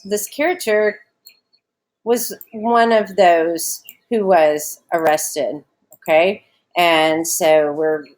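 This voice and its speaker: Southern US woman teaching a lesson. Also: lowish voice. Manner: conversational, explaining step by step, asks students questions. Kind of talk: recorded remote lesson on a short story.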